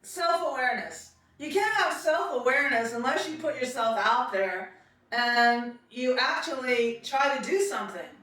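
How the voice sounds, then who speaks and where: A woman's voice: high voice, lively intonation, moderate pace, sharp tone, very echoey, far from the mic. A woman from Queens with a New York accent, telling stories about acting class in a chatty way and acting out quotes. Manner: chatty, laughs often, acts out quotes. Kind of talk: casual storytelling monologue.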